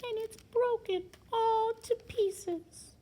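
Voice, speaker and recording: A woman reading a storybook aloud and voicing a small boy bear cub in a wee, squeaky voice. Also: slow pace, warm tone, slight background noise. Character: little boy bear cub, whiny and eager.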